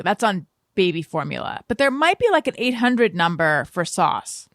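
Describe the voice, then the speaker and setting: An animated woman whose pitch swings widely as she rambles through her ideas, full of "like" and "uh". The sound is close and dry. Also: moderate pace, no room sound. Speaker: podcast guest. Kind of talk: casual chat.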